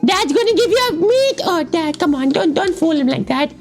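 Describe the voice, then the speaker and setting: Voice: very high voice, sing-song, normal speed, full character voice. A player voicing a clingy little radish son who whines and pleads with his dad, in a game voice-over. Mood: whiny pleading. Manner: whiny, pleading, often shouting "Dad".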